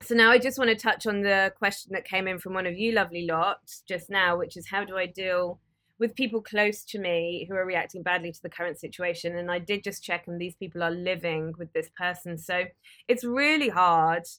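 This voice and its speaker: A woman, hosting a podcast and giving earnest, direct, gently emphatic advice. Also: fairly low pitch, a little fast. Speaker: podcast host. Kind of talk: motivational advice talk.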